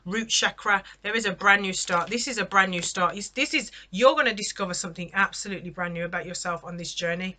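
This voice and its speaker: A woman's voice: mid-range voice, fast, hardly any pauses, sharp tone. A woman giving a casual spoken tarot reading, chatty and exclamatory, often checking in with the listener. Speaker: tarot reader.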